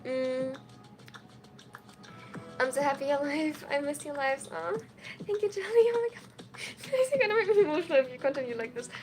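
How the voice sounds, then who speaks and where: A young woman chatting casually on a live stream, reading and answering chat messages in an excitable, tired way from a small dorm room. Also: high voice, brisk, long pauses, soft background music. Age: young adult. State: sleep-deprived, tired.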